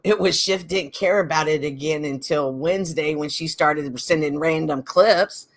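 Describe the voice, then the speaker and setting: A woman's voice: deep voice, normal speed. Emphatic middle-aged woman hosting. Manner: emphatic, repeats points, mimics others in quoted asides. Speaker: podcast host. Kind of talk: heated casual chat.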